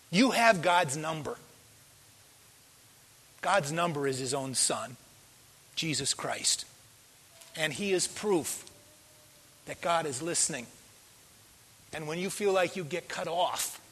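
A pastor preaches a sermon by telling a story with animated delivery, acting out the voices of its characters. His voice sits high, and a long hall reverb surrounds it.

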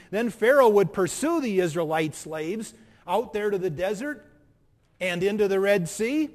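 A man preaching a sermon as pastor, with emphatic pauses and rhetorical questions. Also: sits high, in a large hall.

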